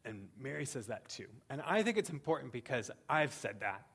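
A man preaching a sermon, speaking earnestly with slow, emphatic pauses and frequent "um"s. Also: mid-range voice, big pitch swings, a bit bright, husky. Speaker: pastor.

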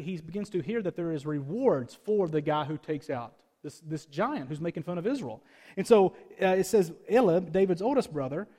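A man's voice: high-pitched, darkish tone. A man in his thirties, a pastor preaching a sermon in a conversational, slightly snarky way, peppered with rhetorical questions. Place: large church hall. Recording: echoey church hall.

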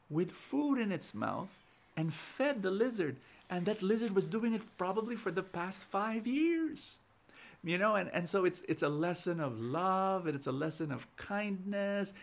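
Creaky-voiced preacher. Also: male voice, high voice. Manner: animated storyteller, repeats words as he starts sentences. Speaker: preacher and show host. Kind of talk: inspirational sermon with storytelling.

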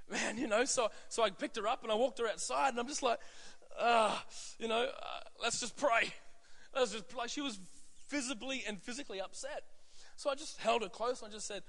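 A man's voice: extremely high pitch, brisk, a bit bright. A man in his thirties preaching a sermon as pastor, conversational with frequent fillers and asides. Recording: long hall reverb.

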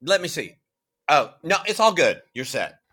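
An actor playing an eager, starstruck event assistant in a comedy sketch, talking in a gushing, rambling way. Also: male voice, a little high, big pitch swings, normal speed, pushed and bright, husky, full character voice.

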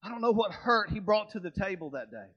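A preacher with a high voice delivers a storytelling sermon, dropping to near-whispers and then climbing into loud, fervent bursts. The recording sounds dull and lo-fi. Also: male voice, expressive, a little fast. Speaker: pastor.

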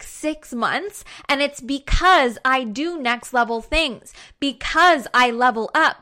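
A woman's voice: high voice, pushed and bright. A young woman giving an emphatic, fired-up motivational talk to her followers, repeating herself for punch and swearing casually.

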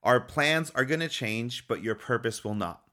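A man gives a motivational faith talk in an upbeat, encouraging manner, repeating key phrases for emphasis and chuckling often. His medium-pitched voice is pushed and bright, with lively intonation and a moderate pace.

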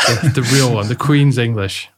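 A man's voice: mid-range voice, moderate pace. A man co-hosting a podcast in casual chat, teasing his partner in a playful way. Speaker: podcast co-host.

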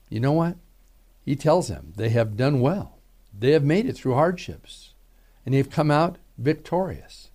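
A man's voice: mid-range voice, animated, a little slow, darkish tone. A middle-aged man, a pastor preaching an earnest radio sermon, pressing his calls to repent.

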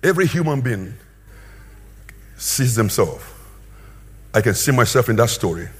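A man preaching a sermon with a husky voice, swinging between loud emphatic bursts and quieter asides. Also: mid-range voice, big pitch swings, measured pace.

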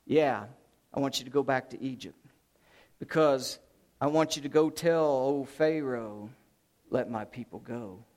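A man preaching a sermon, voicing God as a calm, commanding male voice that speaks low and steady. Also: measured pace, pauses often, lightly acted.

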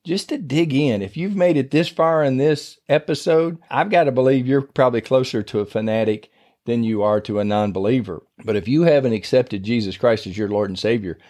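Folksy middle-aged preacher with a mellow voice. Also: male voice, medium pitch, brisk. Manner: folksy, conversational, with casual grammar. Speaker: podcast preacher. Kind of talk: informal sermon.

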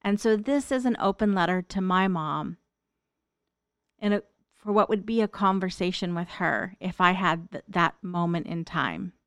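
A woman's voice: fairly low pitch, moderate pace, fairly bright tone, clean tone, no room sound. A middle-aged woman speaking a tender, reflective monologue, addressing her late mother directly as an open letter. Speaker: daughter writing an open letter. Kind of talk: heartfelt spoken monologue.

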